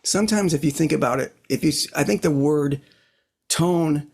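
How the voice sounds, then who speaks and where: A man's voice: fairly high pitch, moderate pace, creaky, darkish tone, slightly rough. A middle-aged man co-hosting a casual guitar chat, talking in a rambling, reflective way with frequent "you know what I mean" asides into his own desk mic. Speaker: podcast co-host. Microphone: own desk microphone.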